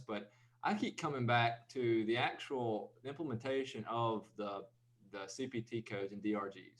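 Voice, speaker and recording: A man's voice: lowish voice, fairly bright tone, poor audio. A man speaking emphatically and animatedly on an online panel discussion. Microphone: video call.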